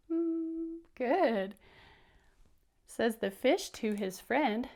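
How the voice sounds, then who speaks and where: A woman's voice: a little high, unhurried, creaky, darkish tone. A woman teacher reading a picture book aloud to young children, laughing and stopping to explain words.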